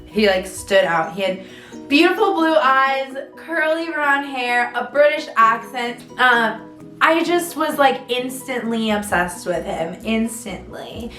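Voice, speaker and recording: Speaking slowly in a slightly high, animated voice that's pushed and bright, a young vlogger chats casually, filling her talk with fillers and dramatic highs and lows. Faint music plays in a roomy-sounding recording.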